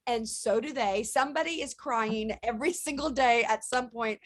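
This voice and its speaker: Brief: lively mother of teens, higher voice, laughing storyteller. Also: moderate pace. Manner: animated storyteller, laughs often. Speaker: singer and guest. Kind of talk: casual radio interview.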